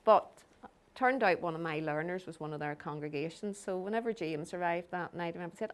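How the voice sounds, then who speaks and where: A woman's voice: lowish voice, fairly quick. A middle-aged woman with a Belfast accent, giving a lecture with slides and telling stories that act out the people she quotes. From Northern Ireland. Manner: storytelling, acts out quoted people.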